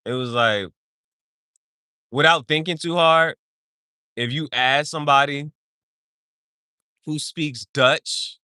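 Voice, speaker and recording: A man's voice: a little high, slow pace, long pauses, sharp tone, clean tone, no room sound, studio quality. A man hosting a podcast in casual chat, playful and laughing often as he jokingly sounds out foreign words. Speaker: podcast host.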